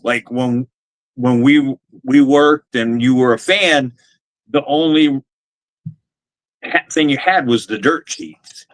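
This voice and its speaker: A man, a former wrestler, talking haltingly on a podcast and leaning on "you know" between phrases. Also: mid-range voice, dry recording, rough recording. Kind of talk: casual chat.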